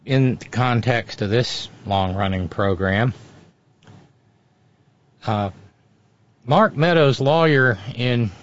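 A man's voice: mid-range voice, muffled recording. A man giving wry, storytelling commentary as a regular on a radio talk show, often restarting his sentences.

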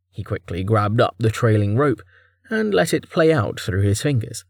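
A man narrating a fantasy audiobook chapter with expressive storytelling. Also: on the low side, normal speed, creaky, dry recording, clean studio sound. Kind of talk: scripted narration.

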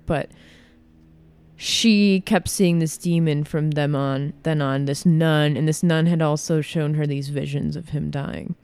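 A woman chatting casually as a podcast co-host, retelling things in an animated way with lots of fillers. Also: low voice, unhurried, clear, resonant tone, no room sound. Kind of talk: casual chat.

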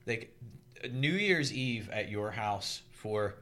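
A man in his forties co-hosting a podcast, telling animated stories and acting out quoted lines loudly. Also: fairly low pitch, slow. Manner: animated storyteller, loud mimicking of quotes. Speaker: podcast co-host. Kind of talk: casual chat.

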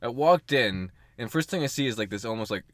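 A man's voice: medium pitch, lively intonation, fairly quick, no echo. A man co-hosting a casual podcast chat, joking crudely and laughing often. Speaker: podcast co-host.

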